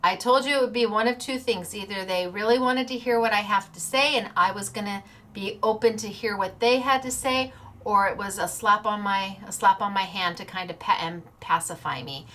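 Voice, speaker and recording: A woman's voice: mid-range voice, normal speed, a bit bright, slight background noise. A woman hosting a paper-crafting show, talking in a bubbly, chatty way, laughing often and acting out little quotes. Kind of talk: casual chatty livestream.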